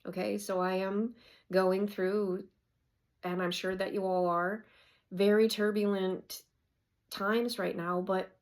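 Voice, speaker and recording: A woman's voice: mid-range voice, level tone, slow pace. A woman in her fifties giving a casual oracle card reading, reading the card text aloud and then rambling about it. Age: 50s.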